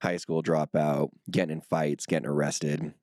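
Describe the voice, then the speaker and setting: A man in his thirties, a Spanish speaker, telling stories in a relaxed, casual interview, full of filler words and swearing. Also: a bass voice, normal speed, no room sound, studio quality. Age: 30s. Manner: laid-back storytelling, heavy filler words and swearing. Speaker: guest.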